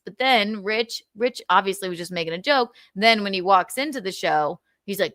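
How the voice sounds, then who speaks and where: On a livestream, the host dishes out casual gossip commentary with plenty of laughter, cursing and mocking impressions. Her voice is on the low side but fairly bright, at a normal speed, recorded dry.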